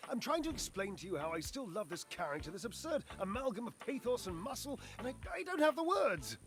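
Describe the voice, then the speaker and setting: A man's voice: high voice, very animated, brisk, a bit bright. An actor playing a verbose, theatrical man in a dating game, melodramatic and self-pitying, heard over game music. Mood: anguished.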